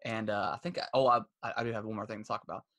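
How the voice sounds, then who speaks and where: A man's voice: on the low side, steady tone, rapid-fire, a bit bright. Man rambling in a casual podcast chat. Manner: rambling, many restarts and fillers; laughs while retelling stories. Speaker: podcast co-host.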